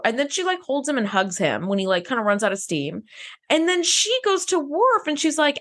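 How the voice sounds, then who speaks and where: A woman co-hosting a podcast in casual chat, animated and swearing freely as she acts out quotes. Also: sits high, normal speed. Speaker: podcast co-host.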